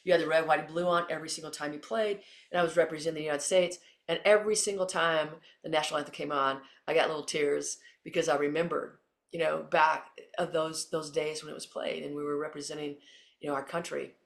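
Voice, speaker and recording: She's a middle-aged woman from Texas who competed in the Olympics and later coached, and she answers interview questions by vividly narrating and acting out what people said. Her voice sits low, and she talks fast.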